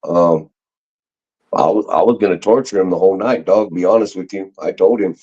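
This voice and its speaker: A middle-aged man with a fairly low voice tells stories in loose slang, often restarting his sentences. His audio comes through dull and lo-fi. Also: normal speed, mellow, breathy edge. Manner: slangy, rambling, frequent restarts. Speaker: guest. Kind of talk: casual storytelling chat.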